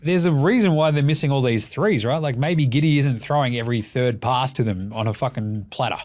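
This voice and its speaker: A man's voice: medium pitch, fairly quick, darkish tone, faint music behind. A young adult man with an Australian accent hosting a basketball podcast, ranting in casual commentary with lots of swearing and sarcastic jokes.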